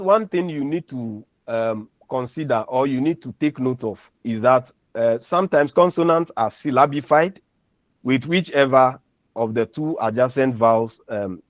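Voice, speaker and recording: A man's voice: medium pitch, dry recording. A man lecturing on phonetics, patiently explaining and repeating example words. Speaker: university lecturer. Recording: dull lo-fi recording.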